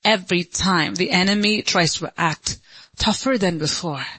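A woman pastor preaching an impassioned sermon, swinging from high pleading cries to low hushed lines. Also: normal speed, husky, rough recording. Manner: laughs between lines.

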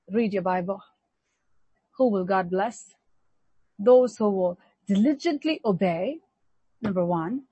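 Woman preacher for an emphatic sermon, husky tone, dry close mic. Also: a little high, darkish tone, no room sound, rough recording. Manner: emphatic, repeating key words, leading a Bible reading.

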